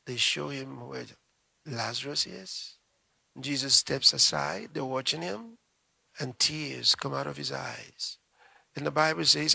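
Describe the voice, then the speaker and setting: Preacher guy telling the story, slow and dramatic, gravelly bright voice, dry close sound. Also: medium pitch, no room sound. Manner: dramatic storytelling, acts out voices, asks the listeners questions. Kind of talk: sermon.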